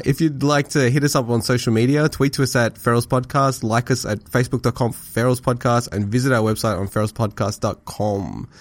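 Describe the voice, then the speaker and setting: A man's voice: mid-range voice, no echo. A man hosting a casual podcast, recapping a cartoon episode and laughing often. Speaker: podcast host. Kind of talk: casual chat.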